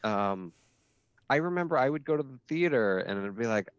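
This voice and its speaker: A man's voice: mid-range voice, expressive, normal speed, clear, resonant tone, no room sound. A man guesting on a podcast in casual chat, rambling with restarts and casual swearing. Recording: dull lo-fi audio.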